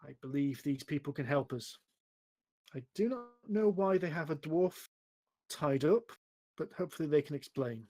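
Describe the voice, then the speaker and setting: A man's voice: a little high, lively intonation, moderate pace, warm tone, close to an everyday voice. A man voicing a grateful tribesman who earnestly introduces his rescuers, over an online call. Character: grateful freed male tribesman.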